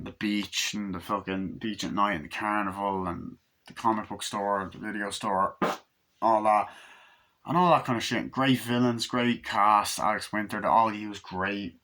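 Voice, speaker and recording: Man, casual fan reviewer, rambling and profane, low pitch with a sharp edge. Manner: rambling and excited, swears constantly. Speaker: movie reviewer. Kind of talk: casual movie review monologue.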